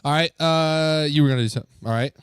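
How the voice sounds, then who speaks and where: A man leading a youth group as its pastor, upbeat and joking, coaxing the crowd with quick questions. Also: on the high side, smooth, dry recording, clean studio sound. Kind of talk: lively talk to a youth group. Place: church youth room.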